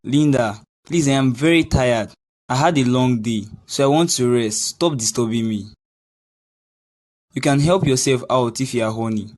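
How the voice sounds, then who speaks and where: A man's voice: mid-range voice, normal speed, a little mellow, soft background music, close to an everyday voice. Dismissive cartoon husband played by a man, medium voice.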